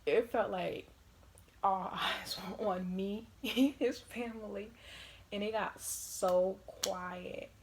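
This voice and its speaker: A young woman vlogger telling casual stories in an animated way, laughing often and swearing freely. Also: medium pitch, slow, background noise. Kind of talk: casual storytime.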